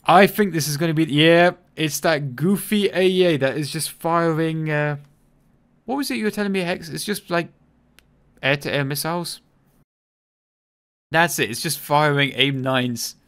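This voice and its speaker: A man's voice: a little high, normal speed, fairly bright tone. A man streaming a game, giving casual, joking commentary that is irreverent and profane.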